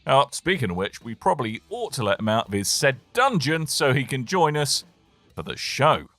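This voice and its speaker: A man's voice: medium pitch, sing-song, moderate pace, fairly bright tone, faint music behind. A man co-hosting a podcast, giving a playful, theatrical comedy intro. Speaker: podcast co-host. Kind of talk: comedic show intro in role-play.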